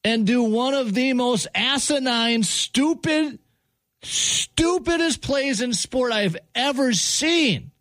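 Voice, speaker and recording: Man, high voice, dry close sound, exasperated sports rant, repeats himself for emphasis. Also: lively intonation, slow, fairly bright tone, dry recording. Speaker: sports radio host. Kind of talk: heated sports talk rant.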